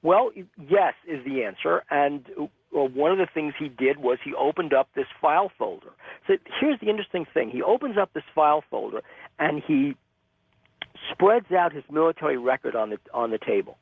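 A male interview guest, a magazine publisher, telling stories in an animated, vivid way over a phone-line call. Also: a little high, moderate pace, breathy edge, dry recording. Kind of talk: storytelling interview answers.

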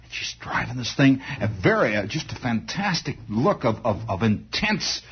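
A man doing a rambling comic monologue, animated, with restarts and vocal sound effects, on a dull lo-fi old recording. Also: medium pitch, normal speed, husky. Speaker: comedian.

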